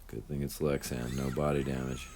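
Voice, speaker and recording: A man's voice: extremely low pitch, level tone, normal speed, creaky, a little mellow, a little hiss or hum. A man giving casual voice-over commentary as a channel host, rambling and laid-back with lots of fillers.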